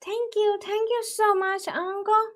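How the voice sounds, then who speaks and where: A woman with a Vietnamese accent voicing an excited little girl who squeals with delight. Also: very high voice, a little slow, voice pushed up. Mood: grateful.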